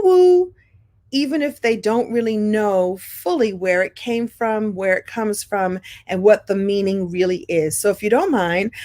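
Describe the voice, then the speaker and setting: Expressive woman host in her fifties. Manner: warm, expressive storytelling with playful pitch jumps. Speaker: show host. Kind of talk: casual monologue to camera.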